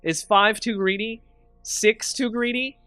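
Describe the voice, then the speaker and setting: A man hosting a stream, commenting casually on his game picks and talking with chat, excitable and quick to laugh. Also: high voice, no echo, soft background music. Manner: excitable, chatty, thinks aloud and laughs a lot. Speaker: streamer and channel host.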